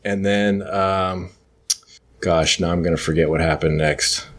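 A man's voice: sits low, steady tone, unhurried. A man hosting a podcast, casually recapping a comic book story in a rambling way, full of fillers and self-corrections. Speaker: podcast host.

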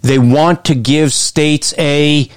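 A man's voice: a little high, steady tone, slow, clear, resonant tone, no room sound, clean studio sound. Emphatic, argumentative male podcast host. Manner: emphatic, argumentative, often shifts pace. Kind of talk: commentary on played interview clips.

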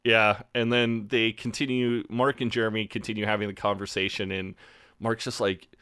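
A man's voice: fairly low pitch, little pitch movement, normal speed, sharp tone, clean tone, no room sound. An American man hosting a podcast in casual chat, retelling scenes animatedly and acting out the quoted lines. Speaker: podcast host.

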